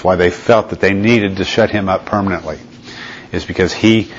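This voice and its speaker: Low-voiced man preaching a Bible lesson. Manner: conversational, checks in with "okay?" and "right?". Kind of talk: Bible teaching sermon. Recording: slightly dull lo-fi recording.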